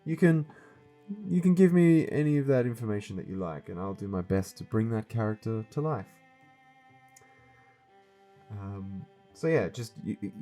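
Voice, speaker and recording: A man's voice: sits low, warm tone. A man hosting a voiced game series, giving casual gameplay commentary to his viewers in an earnest way, explaining things step by step.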